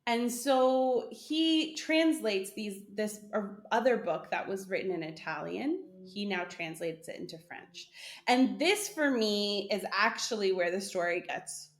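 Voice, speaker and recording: A woman's voice: mid-range voice, a little slow. This is a woman co-hosting a podcast, chatting casually and easily. She talks loosely, full of fillers, and she laughs often. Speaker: podcast co-host. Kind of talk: casual chat.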